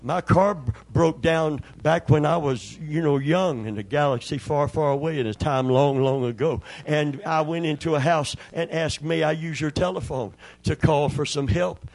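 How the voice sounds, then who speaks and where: A man's voice: on the high side, moderate pace, few pauses, a little mellow. An older man preaching a sermon, telling folksy stories and acting out the voices in them. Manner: folksy storyteller, acts out voices in anecdotes. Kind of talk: sermon with storytelling.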